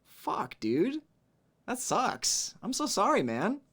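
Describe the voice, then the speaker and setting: A man hosts a laid-back livestream, greeting viewers and reading chat messages out loud. He's relaxed and chatty, hums to himself between messages, and his voice sits high as he takes things slowly.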